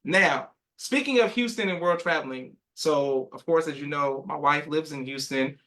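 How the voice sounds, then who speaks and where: A man's voice: fairly high pitch, moderate pace, bright, forceful tone. A man hosting a live podcast, affirming his guest and reading viewer comments aloud in an upbeat manner. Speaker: podcast host.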